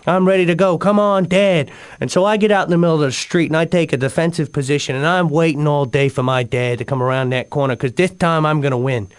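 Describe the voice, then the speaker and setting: A man's voice: a little high, steady tone, fast talker, hardly any pauses, smooth. Rambling man telling comic tales on radio. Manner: rambling, with sudden swings of emotion. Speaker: radio co-host.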